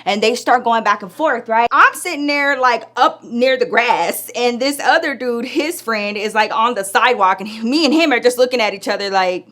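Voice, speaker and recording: A woman casually telling a personal story in a chatty, animated way, full of slang and asides. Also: a little high, moderate pace, hardly any pauses. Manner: chatty, animated, lots of "like" and "girl".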